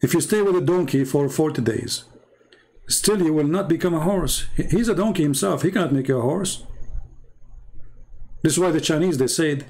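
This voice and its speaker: A man's voice: on the high side, a little fast, vocal fry, darkish tone. A man and religious debater telling anecdotes in a mocking, storytelling way. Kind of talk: storytelling talk.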